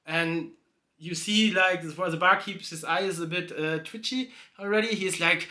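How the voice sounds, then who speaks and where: A video host tells a joke hesitantly and in a roundabout way, full of fillers, constant self-corrections, and restarts. His voice is fairly high, steady, and sharp at a normal speed, with a roomy sound.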